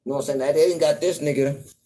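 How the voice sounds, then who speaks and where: A man with a fairly high voice rambles in a relaxed, drawn-out way, hosting his own livestream. He keeps tossing in "you know what I'm saying" between thoughts. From US West Coast. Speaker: livestream host. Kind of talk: casual livestream monologue.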